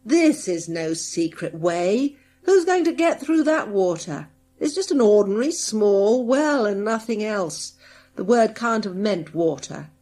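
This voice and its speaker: Woman reading drawling crook boss, menacing, slow and loud. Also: mid-range voice, animated. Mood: drawling, scheming. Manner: drawling, turns sharp and angry. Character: drawling gruff male gang boss, menacing.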